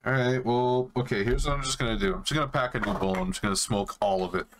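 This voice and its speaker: A young man streams a game and chats casually with his viewers, talking at a quick pace in a mid-range voice. He's laid-back and swears a lot, with a noisy background behind him.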